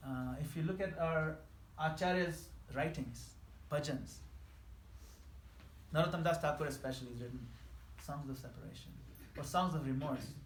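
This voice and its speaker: A man giving an earnest devotional class, voicing prayers in a soft pleading tone. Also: fairly high pitch, normal speed. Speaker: spiritual teacher. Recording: echoey room with faint noise.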